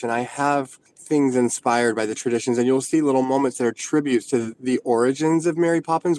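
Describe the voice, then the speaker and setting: A man's voice: mid-range voice, darkish tone. A man in his forties, a choreographer being interviewed, speaking earnestly and thoughtfully about his work. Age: 40s. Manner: earnest, thoughtful, restarts sentences. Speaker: choreographer, guest. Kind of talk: casual radio interview.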